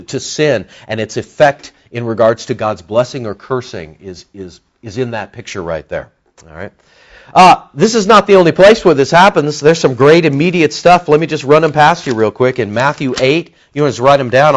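A man preaching a sermon to his church congregation, surging loud on key words and then dropping low and soft. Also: lively intonation, moderate pace, highs cut off. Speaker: pastor. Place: church sanctuary.

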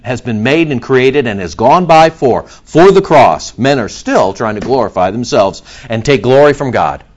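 Animated male pastor preaching. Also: medium pitch, muffled recording. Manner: animated, acts out crowd voices and asides. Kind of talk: sermon.

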